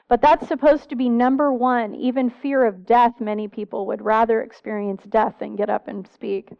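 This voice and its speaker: A woman's voice: on the high side, clean tone, highs cut off. A middle-aged woman therapist giving a church seminar talk, earnest, asking the audience questions as she lists symptoms.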